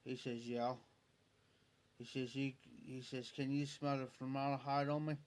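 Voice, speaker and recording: A man's voice: medium pitch, level tone, normal speed, darkish tone. A man hosting a live stream, telling a personal story in a rambling way, often repeating himself and quoting what others said. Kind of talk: casual storytelling.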